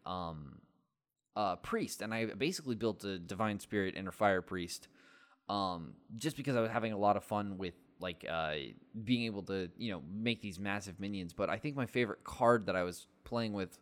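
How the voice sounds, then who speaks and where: Man, lowish voice, casual gaming chat, rambling, filler-heavy, dry close sound. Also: normal speed, no room sound. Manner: rambling, many fillers and restarts, laughs often. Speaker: podcast co-host.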